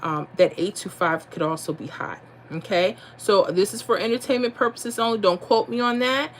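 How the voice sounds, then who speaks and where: A woman's voice: medium pitch, moderate pace, a little hiss or hum. Chatty woman hosting a lottery livestream. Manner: chatty, reads viewer comments, thinks aloud over numbers. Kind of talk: casual livestream chat.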